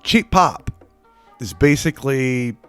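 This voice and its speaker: A man's voice: medium pitch, expressive, slow pace, a bit bright, smooth, no room sound, soft background music. A man teaching a casual wrestling class, chatty, with joking asides and voices put on for examples. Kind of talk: casual spoken lesson.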